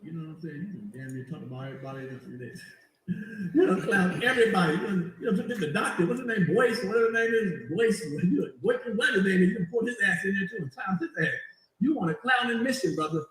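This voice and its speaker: Excitable high-voiced man, roomy sound. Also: quick pace. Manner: animated, teasing, mimics others. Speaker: show host. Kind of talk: casual commentary on a rival.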